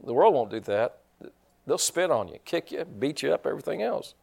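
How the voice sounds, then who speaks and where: A man's voice: mid-range voice, sing-song, moderate pace, creaky, a little mellow. A man preaching a sermon in a folksy, joking way, restarting his sentences often. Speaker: pastor.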